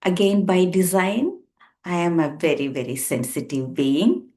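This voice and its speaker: A woman's voice: on the low side, unhurried, dark tone. A woman in her sixties, a counsellor, sharing a personal story in an earnest, emphatic way and repeating words for weight. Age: 60s. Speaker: counsellor and therapist. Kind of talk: reflective personal talk to camera.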